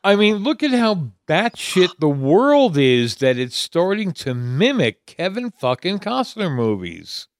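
A man co-hosting a comedy podcast, teasing and needling his co-host in deadpan banter. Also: sits high, measured pace, few pauses, dry recording, clean studio sound.

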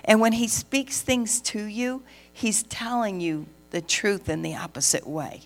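A middle-aged woman, a pastor's wife and preacher, tells a story from the pulpit in a lively way, acting out the dialogue. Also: mid-range voice, takes it slowly. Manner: lively storyteller who acts out the dialogue and laughs. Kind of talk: sermon testimony.

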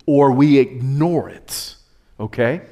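A man preaching a sermon as pastor, swinging his pitch high and low and calling out to the congregation. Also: slow pace, dark tone, lo-fi sound.

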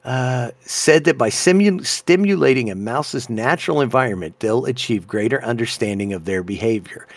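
Animated, laughing podcast guy. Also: mid-range voice, moderate pace, dry recording. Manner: animated, laughs often, reads news stories aloud. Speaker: podcast co-host. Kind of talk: casual podcast chat.

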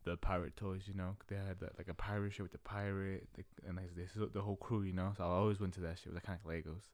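A man's voice: low voice, little pitch movement, fast talker, a little mellow, dry recording. A young man in casual chat, telling a story in slangy, profane, laid-back talk.

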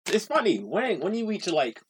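A man co-hosting a podcast in casual chat, animated and quick to correct himself. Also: high-pitched, very noisy. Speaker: podcast co-host.

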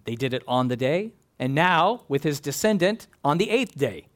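Animated man preaching a sermon. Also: fairly high pitch. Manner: animated, emphatic, building lists. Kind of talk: expository sermon.

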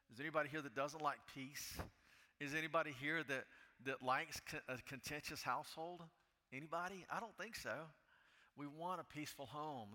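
Man preaching in a large church, bright and forceful, swings from hushed to fervent. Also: medium pitch, big-room sound. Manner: rises to loud impassioned pleading when reading scripture. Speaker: pastor. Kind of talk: sermon.

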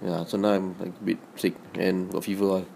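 A man's voice: low voice, level tone, fairly quick, creaky, a little mellow, a little hiss or hum. A young man with a Malaysian English accent, co-hosting a casual chat in a jokey way and laughing often. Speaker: podcast co-host.

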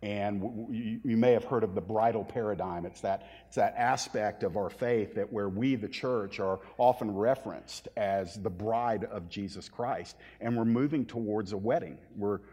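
A male pastor delivering a sermon in a church, rising to loud, emphatic proclamation when he reads scripture. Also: fairly low pitch, moderate pace, hardly any pauses, husky. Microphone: handheld or stage mic. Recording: long hall reverb.

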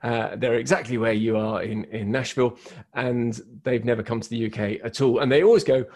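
A British man hosts a radio interview in an easy, conversational way. His voice has a faint husky edge. He is chatty and self-deprecating and laughs readily with his guests. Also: medium pitch, a little fast, a little mellow. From United Kingdom. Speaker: radio host. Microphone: studio microphone, guests on a video call.

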